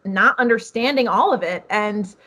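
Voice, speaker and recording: A woman's voice: medium pitch, moderate pace, fairly bright tone. A woman guest in a casual chat, talking earnestly and rambling along with many fillers. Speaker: podcast guest, hunter.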